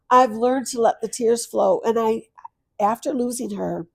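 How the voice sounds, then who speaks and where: A middle-aged woman, a podcast guest, telling a personal story of loss, tearful and earnest, moving from soft hushed lines to louder bursts. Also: on the high side, measured pace, vocal fry, no echo, clean studio sound.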